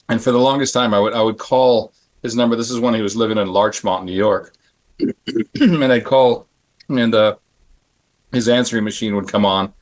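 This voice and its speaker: A middle-aged man from Phoenix, Arizona, with a slightly low voice, telling stories from his career to a panel. He brings the people in his tales to life, mimicking how they talked. His delivery is loose and full of restarts, with frequent throat clearing. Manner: animated, acts out the people in his anecdotes. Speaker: panel guest, makeup effects artist. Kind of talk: storytelling on a panel.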